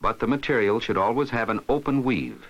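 A man giving scripted narration for an instructional film, explaining steps in a steady, instructive way. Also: mid-range voice, a little fast, highs cut off.

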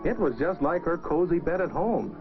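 A man narrating a children's story in a gentle, lilting voice, speaking to young listeners. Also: on the high side, lively intonation, normal speed. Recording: dull lo-fi record with music.

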